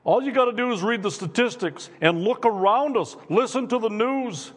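A pastor with a notably high-pitched voice delivers an earnest sermon, hammering home repeated questions to his congregation. His voice carries through a church sanctuary with a long, lingering echo. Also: moderate pace.

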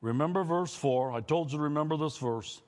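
This is a pastor's sermon delivered in church, where he questions his congregation directly and draws call-and-response from them. The man speaks fairly quickly, his voice on the high side with a darkish tone.

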